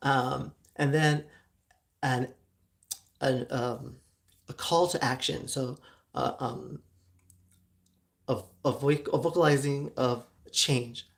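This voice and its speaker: A woman's voice: rumbling low, takes it slowly, vocal fry, pauses often. Woman host, casual solo chat, phlegmy throat, lots of ums and giggles, from Southern California. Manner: chatty, many ums and likes, giggles often. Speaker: show host. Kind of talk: casual solo talk to viewers.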